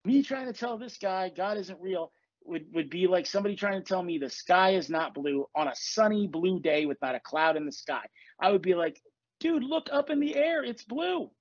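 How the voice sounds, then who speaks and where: A man's voice: sits high, moderate pace, no echo, highs cut off. A man hosting a podcast, talking casually and bluntly with lots of swearing, as a life coach. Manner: blunt, profane, confessional. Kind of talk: casual chat.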